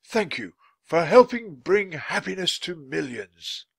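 A man reading aloud, voicing a calm, wise old male wizard in a storybook with slow, measured lines. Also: on the high side, gravelly, slightly rough, no room sound, studio quality, voice pushed up, exaggerated voice. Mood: solemn.

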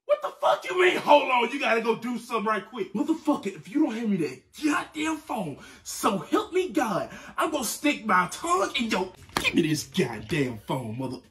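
A man playing an angry parent who yells profanities while snatching a kid's phone. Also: extremely high pitch, wildly swooping pitch, normal speed, few pauses, distant mic, a little hiss or hum, heavily acted. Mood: outraged. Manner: yelling, profane, outraged.

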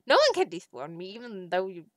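A woman's voice: mid-range voice, wildly swooping pitch, a little fast, a bit bright, dry recording. A woman giving gameplay commentary, talking to herself and to in-game animals, swinging into melodramatic mock outrage and fake sobbing. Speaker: streamer playing a survival game.

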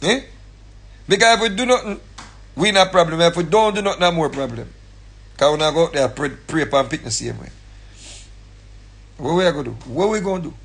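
Jamaican guy going off on a livestream, bit high, husky voice, keeps repeating himself. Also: animated, fairly quick, pauses often, fairly bright tone. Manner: angry, repetitive, preachy. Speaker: live streamer. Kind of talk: ranting commentary.

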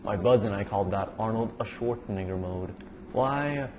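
His voice sits on the low side at a normal speed, with background noise in the clip. The sleepy young gaming YouTuber mumbles, curses at the zombie game and rambles casually.

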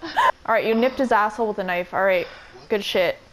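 A young woman streaming a game, chatting excitedly with a friend, swearing and laughing often. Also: mid-range voice, moderate pace, a little hiss or hum, rough recording. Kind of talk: excited casual gaming chat.

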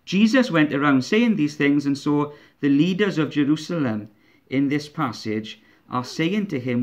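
An earnest man preaching a sermon, his voice sitting somewhat high. He builds his points through emphatic, repeated rhetorical questions. The recording is muffled and lo-fi. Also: animated, a little slow. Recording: dull lo-fi recording.

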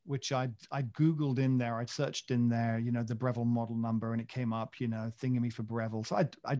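Man, mid-pitched voice, gravelly, podcast co-host, rambling self-mocking chat. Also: steady tone, moderate pace, hardly any pauses, a little mellow, dull audio. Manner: rambling and self-mocking, with many fillers and restarts. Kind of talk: casual chat.

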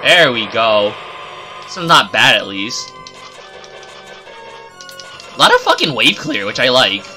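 A man's voice: medium pitch, wildly swooping pitch, takes it slowly, pauses often, sharp tone, faint music behind. A man streaming a video game live, giving profane, exasperated running commentary as he plays.

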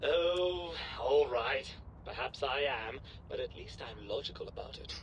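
A man's voice: on the high side, big pitch swings, unhurried, creaky, a little hiss or hum, heavily acted, rough recording. A man voicing a condescending, pompous male brain in a video game, with a British-sounding accent and a snide, sarcastic manner. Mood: smug.

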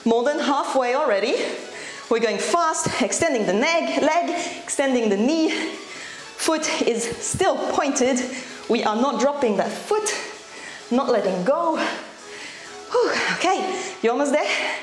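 A woman leading a workout as a fitness instructor, cheering people on with energetic cues while breathing hard. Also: sits high, takes it slowly, soft background music. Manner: encouraging, energetic cueing, out of breath at times. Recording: echoey room.

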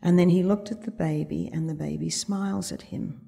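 A woman's voice: lowish voice, fairly even intonation, moderate pace, gravelly, warm tone, husky. A woman speaking at a conference, telling a vivid anecdote and quoting the dialogue along the way. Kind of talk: storytelling talk. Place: conference stage before an audience.

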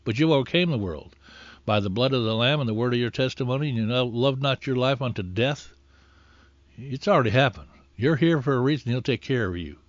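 A man's voice: mid-range voice, no room sound. A man preaching a conversational sermon in an earnest tone, rising in force when he exhorts. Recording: dull lo-fi dry recording.

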